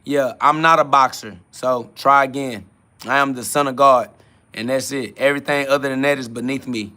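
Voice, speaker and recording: A man's voice: medium pitch, steady tone, moderate pace, sharp tone. A man hosting a spiritual podcast, answering chat comments in a casual, emphatic preaching style with street slang and repeated catchphrases. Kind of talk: casual self-affirmation sermon.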